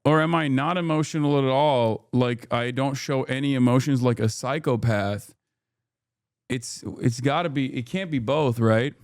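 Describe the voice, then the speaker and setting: A male streamer talks through a rambling, profane rant. His pitch sits in an ordinary middle range. He sounds heated as he answers his chat, and the sound is dry and close. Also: moderate pace, clear, resonant tone, no room sound. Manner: reads chat messages aloud and answers. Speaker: livestreamer. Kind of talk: casual reactive stream commentary.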